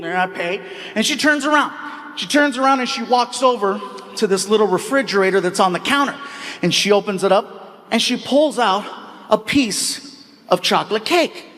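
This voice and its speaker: A man doing stand-up, telling a long story with lively acted-out voices and sudden shouts. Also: high voice, normal speed. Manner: animated, acts out voices and shouts. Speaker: stand-up comedian.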